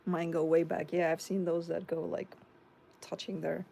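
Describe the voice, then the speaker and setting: Chatty low-voiced woman with gravelly fry. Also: level tone, normal speed, dark tone, slight background noise. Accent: Chicago. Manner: chatty, reads viewer comments aloud and answers them. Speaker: tarot reader hosting a live stream. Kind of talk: casual live-stream chat reading comments.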